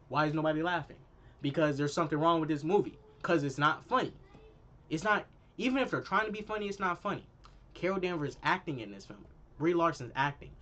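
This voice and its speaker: A man in his twenties, a YouTuber ranting in an exasperated, animated way with casual slang while reviewing a movie. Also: a little high, muffled recording.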